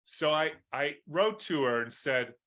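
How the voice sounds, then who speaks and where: A man's voice: fairly high pitch, lively intonation, a little slow, a bit bright. A man answering interview questions as a doctor, explaining with everyday analogies and often checking in with "right?". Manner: explains with homely analogies, keeps asking "right?". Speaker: guest doctor.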